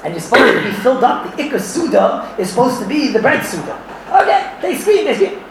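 A man giving an animated Torah class to a room full of listeners, mixing in Yiddish and Hebrew terms and often laughing as he talks. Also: extremely high pitch, brisk, creaky, noisy background. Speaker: Torah teacher. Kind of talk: lively halachic class. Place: room with audience. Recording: echoey room, far from the mic.

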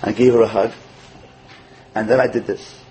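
Animated male religious teacher storytelling. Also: lowish voice, normal speed, a little hiss or hum, rough recording. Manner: animated, acts out quotes, drops to soft tender tones. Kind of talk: storytelling sermon.

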